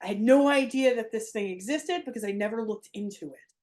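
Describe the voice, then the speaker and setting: A woman's voice: fairly high pitch, a little mellow. A middle-aged woman giving a motivational talk as a parent coach, emphatic and blunt. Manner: emphatic and blunt, with quick acted quotes.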